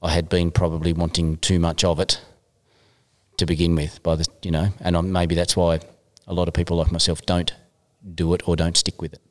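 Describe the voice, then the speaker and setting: A man with a very deep voice hosts a casual podcast chat. He talks in an eager, rambling way and drops in a casual swear now and then. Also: monotone, a little fast. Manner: chatty, enthusiastic, swears casually. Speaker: podcast host. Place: gym.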